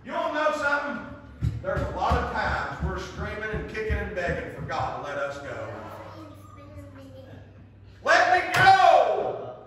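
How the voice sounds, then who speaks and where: Impassioned preacher in an echoey church. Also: male voice, sits high, lively intonation, normal speed, noisy background. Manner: impassioned storytelling, swings from loud to hushed. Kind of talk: sermon with altar call. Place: church sanctuary. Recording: echoey church hall, distant mic.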